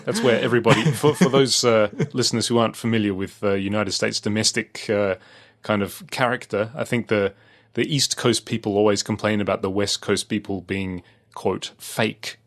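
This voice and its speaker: A man's voice: on the low side, fairly even intonation, moderate pace. A man with an Australian accent, co-hosting a podcast in casual chat, rambling with many fillers and restarts. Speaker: podcast co-host.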